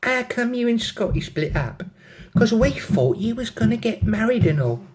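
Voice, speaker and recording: A man's voice: very animated, moderate pace. A man voicing a brash, gossipy young London woman on holiday, speaking with a London accent. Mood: nosy. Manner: high, shrill, nosy and gossipy.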